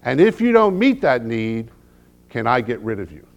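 A middle-aged male pastor preaching a sermon with humorous stories, dropping to hushed low lines and rising to loud emphatic peaks. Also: sing-song, moderate pace, gravelly, dull audio. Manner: humorous storytelling.

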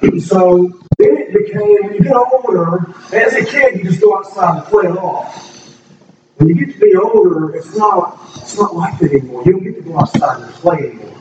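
In an echoey room picked up by a distant mic, a middle-aged man gives a casual, earnest testimony to a congregation. His voice sits high with lively intonation at a moderate pace, and he rambles emotionally, often restarting. The audio is dull and noisy.

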